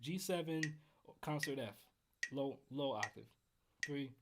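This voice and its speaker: A man hosting a casual livestream trumpet lesson from home, counting in exercises and chatting with viewers in a relaxed way. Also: mid-range voice, measured pace, slight background noise. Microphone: headphones while streaming.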